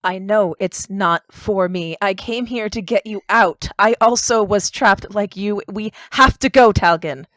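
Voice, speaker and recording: A woman player speaks earnestly and insistently as her character in a tabletop game. Her voice sits at a middle pitch. The recording is dry, with no echo. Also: unhurried, few pauses, a bit bright. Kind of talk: tabletop role-play.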